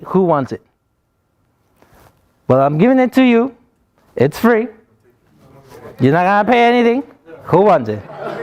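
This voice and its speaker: High-voiced man with a Guatemalan accent. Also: darkish tone. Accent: Guatemalan Spanish. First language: Spanish. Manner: joking storyteller, acts out voices. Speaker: motivational speaker. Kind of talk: motivational speech to youth.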